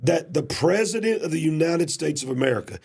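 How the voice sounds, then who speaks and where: A male host with a gravelly, husky voice that pitches a little above the usual for a man. He talks with growing emphasis and rises into shouted questions. He is fighting a cough. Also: lively intonation, a little fast. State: coughing, cough drops in mouth. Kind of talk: casual political commentary.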